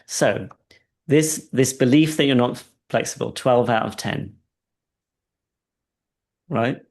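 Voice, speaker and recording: A man coaching a client through a guided session, speaking calmly and checking in often with "right?". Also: mid-range voice, slow pace. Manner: calm and soft-spoken in guidance, animated when telling stories; frequent "right?" check-ins, laughs between points.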